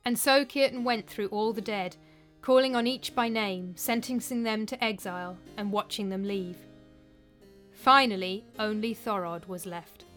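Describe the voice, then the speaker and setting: A woman reading a story aloud in a measured, even narrating voice. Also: mid-range voice, faint music behind. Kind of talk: audiobook narration.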